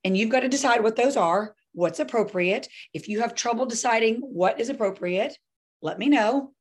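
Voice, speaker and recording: A woman parenting coach talking through a group coaching session, lively and often acting out scenarios. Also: on the high side, normal speed, husky. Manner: lively, acts out scenarios with voices.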